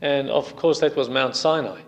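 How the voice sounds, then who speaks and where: A man's voice: medium pitch, fairly even intonation, normal speed. A male preacher delivering a sermon and retelling a story in an emphatic way. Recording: long hall reverb.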